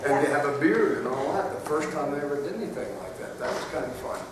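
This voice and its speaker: A man's voice: a little high, animated, fast talker. Older man laughing through a story. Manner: laughs often while telling stories. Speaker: actor telling a story at a fan Q&A panel. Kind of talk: casual anecdote to a live audience. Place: festival hall with a live audience. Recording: echoey hall, mic heard from a distance, loud background noise.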